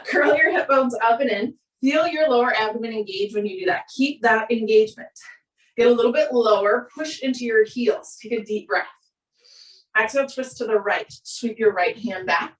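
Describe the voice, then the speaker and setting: A woman with a Minnesota accent leads a yoga class in calm, steady cues timed to the breath. Her voice sits a little high and comes from some way off the mic in a roomy, echoey space. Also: moderate pace. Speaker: yoga instructor. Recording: roomy echo, voice from a distance.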